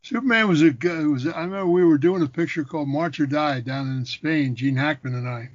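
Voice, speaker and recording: An older man, a former boxer turned actor, telling lively anecdotes in a casual interview, repeating phrases for emphasis. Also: a little high, brisk, dry recording. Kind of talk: casual storytelling. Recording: dull, dry recording.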